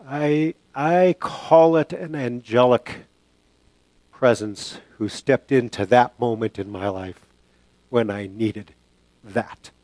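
An older man preaching a sermon through a personal story and prayer, halting and reflective, with many fillers and restarts. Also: medium pitch, darkish tone, no echo.

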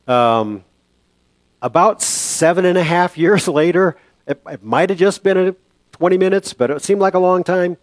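Older man, sermon storytelling, halting, reflective, dry close sound. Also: fairly high pitch, no echo. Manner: halting and reflective, many fillers and restarts. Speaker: preacher. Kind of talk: sermon with personal storytelling and prayer.

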